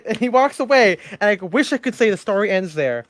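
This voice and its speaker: A man's voice: sits high, expressive, normal speed, dry recording, clean studio sound. A young man co-hosting a podcast, telling a story in casual chat, acting out quotes and laughing often. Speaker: podcast co-host.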